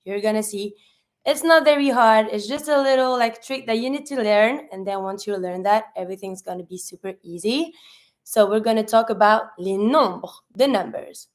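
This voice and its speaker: A woman's voice: medium pitch, moderate pace. A woman teaching a French lesson, explaining pronunciation patiently step by step with repeated examples. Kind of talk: online language lesson.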